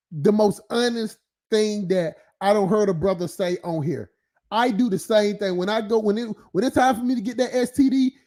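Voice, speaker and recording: A man's voice: high-pitched, a little mellow. A man hosting an open-topic live stream, ranting casually and profanely with frequent laughs and filler phrases. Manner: profane, rambling, laughs often, filler-heavy.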